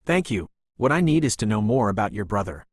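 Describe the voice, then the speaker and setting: A man voicing a composed, guarded young pregnant woman who talks in a steady, restrained, slightly brusque way. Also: fairly low pitch, brisk, breathy edge, no echo, clean studio sound.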